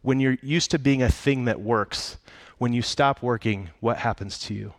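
A man preaches in a relaxed, conversational manner, mixing humor into his storytelling. His voice sits at a middle pitch. The recording is dry and close, with no room echo. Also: moderate pace. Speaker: pastor. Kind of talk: sermon.

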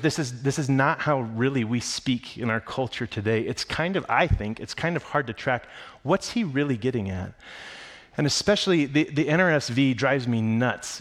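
A man preaching a sermon in a casual, conversational way, with playful asides while he reads and explains scripture. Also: mid-range voice. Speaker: pastor.

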